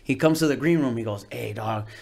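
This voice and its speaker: A Californian man with a Chicano English accent speaks at a quick pace, his medium-pitched voice carrying a darkish tone. He's a comedian guest on a podcast, telling stories in casual, slangy talk, swearing a lot and acting out voices with streetwise flair.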